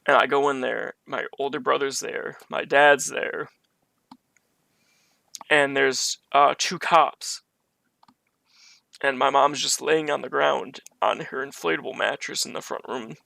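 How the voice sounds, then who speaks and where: A man's voice: medium pitch, fairly even intonation, unhurried, vocal fry, pauses often, pushed and bright, dry recording. A man streaming from his bedroom, telling a personal story in a rambling, conversational way with many restarts. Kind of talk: casual storytelling on a live stream.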